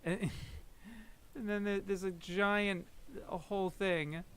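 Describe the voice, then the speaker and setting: A man's voice: sits high, fairly even intonation, slow, a bit bright, smooth. A young man streaming casual commentary, rambling and laughing as he talks through scenes. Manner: rambling, laughs often, briefly mimics characters. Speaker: streamer comparing anime episodes.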